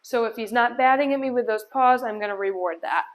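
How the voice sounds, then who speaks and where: A woman's voice: fairly high pitch, fairly quick. A woman dog trainer explaining a puppy's sit and down stays while giving him firm commands indoors. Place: indoor room at home.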